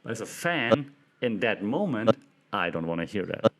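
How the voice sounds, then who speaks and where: Male podcast host, casual solo commentary; animated, chatty delivery with frequent fillers. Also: on the low side, normal speed, slight background noise. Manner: animated, lots of "like" fillers and restarts; acts out quotes in playful voices. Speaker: media professional.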